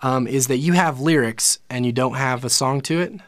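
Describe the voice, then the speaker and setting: A male music teacher talks through a live online lesson in a loose, conversational way, with frequent "um"s and self-corrections. His voice sits in a middle pitch and is recorded with a dry, close sound. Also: normal speed, dry recording. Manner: casual, explanatory, lots of fillers and self-corrections.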